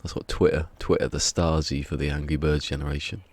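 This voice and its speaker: A man's voice: a bass voice, level tone, a little fast. A man chatting casually on a live game stream, rambling and wry, often muttering asides to himself.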